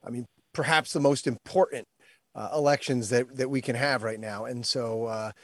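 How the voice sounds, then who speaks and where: A man, a guest attorney, answering interview questions with many pauses and fillers. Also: medium pitch, steady tone, a bit bright, no room sound.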